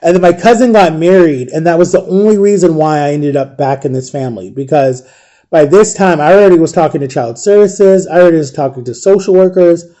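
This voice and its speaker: A man in his thirties with a slightly high, mellow voice tells a story from his own life. He rambles casually and lets his voice fall almost to a hush when the memories get heavy. He is from Ohio. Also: brisk. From Ohio, USA. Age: 30s. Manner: rambling, softens to a hush at emotional moments. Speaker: vlogger.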